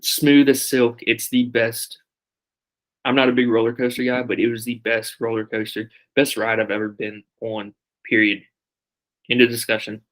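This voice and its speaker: A man's voice: medium pitch, flat delivery, normal speed, fairly bright tone. A man co-hosting a casual podcast, describing a ride with enthusiasm. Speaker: podcast co-host.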